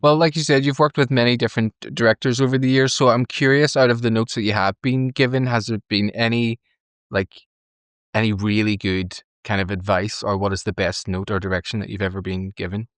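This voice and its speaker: A man's voice: on the low side, steady tone, fairly quick, no echo. A man hosting an interview and asking his guest questions in an easygoing way. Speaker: podcast host.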